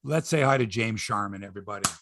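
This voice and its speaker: A man's voice: on the low side, fast, a bit bright, no echo, clean studio sound. A middle-aged man hosting a sports podcast in casual chat, rambling, opinionated and joking. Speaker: podcast host.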